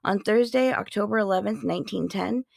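A woman's voice: mid-range voice, fairly quick, gravelly, a little mellow, no room sound, studio quality. A woman in her forties hosting a podcast, sharing history facts in a playful, chatty way with sarcastic asides. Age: 40s. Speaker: podcast host. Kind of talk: casual fact-sharing monologue.

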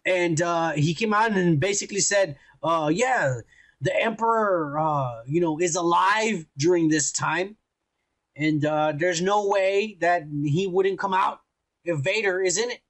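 A man's voice: high voice, a little slow, fairly bright tone. A man co-hosting a podcast in casual, profane chat, rambling and teasing with lots of filler. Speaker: podcast co-host.

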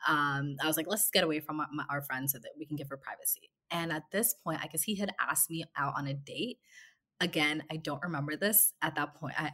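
A woman's voice: sits low, sharp tone, breathy edge. A woman in her twenties casually telling a dating story, chatty, with many fillers and acted-out dialogue. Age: 20s.

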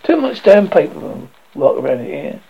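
A man puts on a bluff old wizard chief who barks his words in short, blunt bursts. The voice sits high and gravelly, rising and falling widely. The recording sounds dull and lo-fi. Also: sing-song, normal speed, heavily acted. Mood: blustering. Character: blustering loud old male wizard chief.

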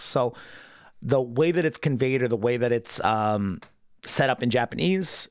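A man at an ordinary middle pitch talks through an episode in loose, unscripted commentary, swearing often and slipping into brief character impressions. The sound is dry and close, with almost no room around it. He speaks as the host of a casual fan podcast. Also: no echo. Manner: profane, rambling, acts out character lines in quick impressions.

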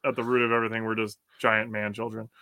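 A man co-hosting a casual sports podcast, rambling through his points with plenty of "you know" hedges. His voice is smooth and bright, mid-pitched, and recorded dry and close. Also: level tone, quick pace, no room sound.

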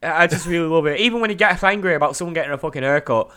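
A man co-hosting a casual podcast, excitable, laughing often and swearing freely. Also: a little high, very fast. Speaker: podcast co-host.

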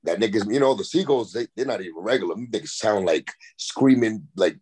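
A man's voice: lowish voice, brisk, slightly rough. A man, a rapper and podcast guest, telling rambling, profane stories in a casual chat. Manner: rambling, profane, animated anecdotes.

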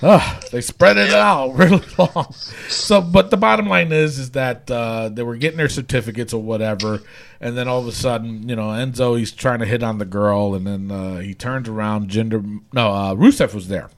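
A man co-hosting a podcast, recapping wrestling shows in casual chat, animated and laughing often. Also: mid-range voice, normal speed, vocal fry. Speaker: podcast co-host.

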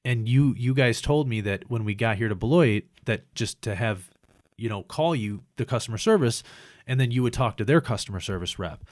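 A man's voice: medium pitch, moderate pace, no echo, clean studio sound. A man casually telling a long complaint story, swearing often and acting out the people he quotes. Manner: profane, animated retelling with quoted voices.

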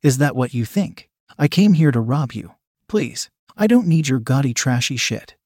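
A man's voice: medium pitch, lively intonation, normal speed, darkish tone, dry recording, studio quality. A man voicing a menacing male intruder who talks in a mocking, commanding way, in an adult audio story reading.

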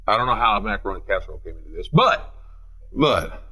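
Animated pastor preaching a sermon. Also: male voice, lowish voice. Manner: preaching with rising emphasis, rapid lists of scripture references. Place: church sanctuary.

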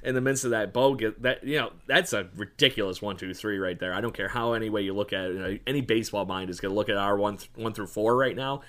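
A man with a lowish voice hosts a loose sports podcast among friends. He rambles, teases the others and breaks into laughter often. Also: quick pace, few pauses, fairly bright tone. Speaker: podcast host. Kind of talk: casual sports chat.

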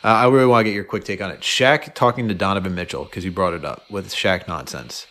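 A man's voice: deep voice, fast, bright, forceful tone. A man co-hosting a casual sports podcast, rambling and fired up with lots of fillers. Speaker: podcast co-host.

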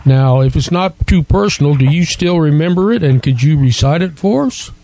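A man co-hosting an interview who asks his questions politely. His voice is mellow and warm and sits slightly high. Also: lively intonation, moderate pace, creaky. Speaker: co-host. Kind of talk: casual interview chat.

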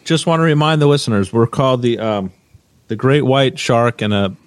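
A man in his fifties hosts a casual podcast chat. He rambles and gropes for the right word with many fillers. His mid-pitched voice sounds close and dry, with no room around it. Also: normal speed, no room sound. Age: 50s. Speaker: podcast co-host.

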